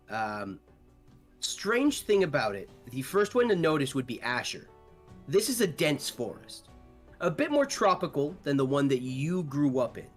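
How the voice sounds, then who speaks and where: A man narrating a tabletop game as game master, relaxed with many fillers. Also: medium pitch.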